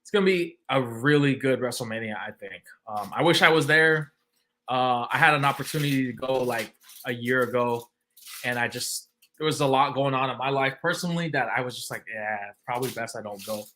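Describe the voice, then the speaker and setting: A man hosting a livestream in a loose, casual way, full of "um"s and restarts. His voice has a bright, forward edge, sitting at an average pitch. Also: brisk, slight background noise. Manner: laid-back, lots of fillers and restarts. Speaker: livestream host. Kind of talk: casual chat.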